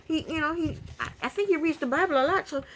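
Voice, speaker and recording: A woman recapping a reality TV episode in casual talk, opinionated and indignant, with quick asides. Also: high voice, fairly bright tone, a little hiss or hum, low-quality recording.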